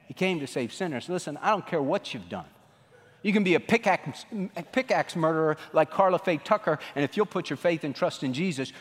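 A male pastor preaching a sermon, swinging from loud outbursts to hushed lines. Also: a little high, in a large hall.

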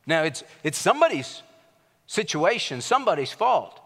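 Man, pastor, conversational sermon, storytelling, slightly high voice, long hall reverb. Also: big pitch swings, moderate pace, fairly bright tone, husky. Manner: storytelling, conversational preaching with rising emphasis.

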